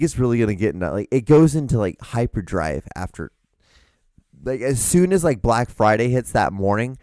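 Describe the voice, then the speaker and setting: A man's voice: medium pitch, darkish tone, dry recording. A man hosting a solo podcast, ranting with lots of swearing and mocking voices, seated at a desk microphone. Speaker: podcast host. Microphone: desk microphone in front of him.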